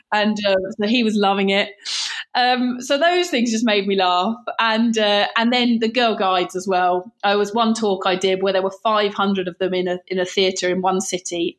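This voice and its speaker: A woman from Britain, a guest in an interview, telling stories in a chatty way with many restarts and laughs. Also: medium pitch. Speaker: guest, barefoot runner. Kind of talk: animated storytelling interview.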